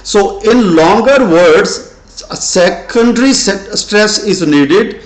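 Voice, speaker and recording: An older man giving a pronunciation lesson, speaking slowly and deliberately with frequent pauses. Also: sits high, expressive. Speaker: English teacher. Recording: echoey room.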